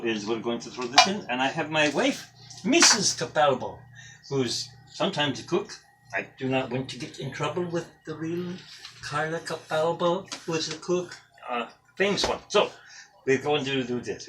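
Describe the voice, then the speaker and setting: A man's voice: fairly high pitch, expressive, normal speed, background noise. A man casually demonstrating a breakfast recipe in his home kitchen, chatty and jokey with rambling asides. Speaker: home cook presenting a recipe. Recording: voice from a distance with music behind.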